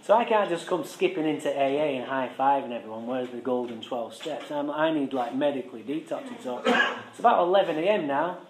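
A man tells a raw personal story to a gathered audience, swearing freely and joking wryly. His voice sits slightly high for a man. The room echoes loudly behind him. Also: animated, a little fast, a little hiss or hum. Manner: frank, profane, wry, conversational. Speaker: speaker sharing his recovery story.

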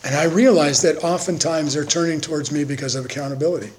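Man, 50s, slightly high voice, heartfelt testimony speaker who acts out quotes; faint background hiss. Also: fast talker, low-quality recording. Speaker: recovery meeting speaker. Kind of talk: personal testimony talk.

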